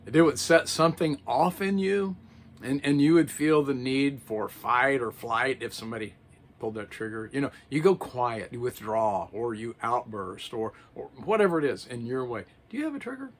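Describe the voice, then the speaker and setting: Husky older man telling a faith story. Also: mid-range voice, a bit bright. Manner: earnest, repeats words when starting phrases. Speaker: life coach. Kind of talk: personal story, faith-based coaching talk.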